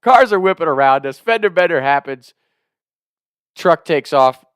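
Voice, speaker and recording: A young man in his twenties telling a wild story in a casual, animated way, swearing and laughing as he goes. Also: on the high side, normal speed, clear, resonant tone, no room sound, clean studio sound. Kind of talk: casual spoken anecdote.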